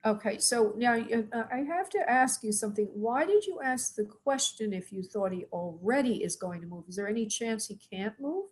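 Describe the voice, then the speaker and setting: A woman's voice: on the high side, animated, moderate pace, few pauses, husky. A middle-aged woman, a spirit medium, gives live readings to callers, calling them sweetheart and honey and asking spirit yes-or-no questions. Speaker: spirit medium hosting a call-in show.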